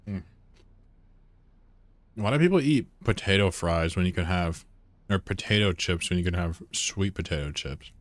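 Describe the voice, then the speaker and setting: This man, streaming a game live from a windowed room at home, talks to his viewers in a loose, rambling way full of swearing. His deep voice has lively intonation, he speaks at normal speed with long pauses, and there is no echo.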